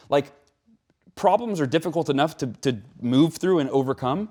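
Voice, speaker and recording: A middle-aged man, a keynote speaker, talking in an interview in an animated, emphatic way. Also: on the high side, moderate pace. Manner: animated, emphatic, frequent "right?". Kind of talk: conversational interview talk.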